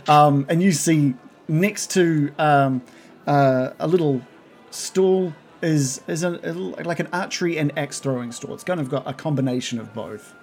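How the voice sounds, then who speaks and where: A man's voice: a little high, unhurried, a little mellow. A man narrating a tabletop role-playing game as game master, with frequent fillers and restarts. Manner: hesitant, many fillers and restarts.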